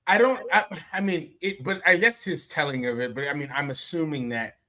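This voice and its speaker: A man's voice: fairly high pitch, fairly quick, pushed and bright. A man co-hosting a comedy news podcast, chiming in with short remarks. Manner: brief interjections, chiming in. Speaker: podcast co-host.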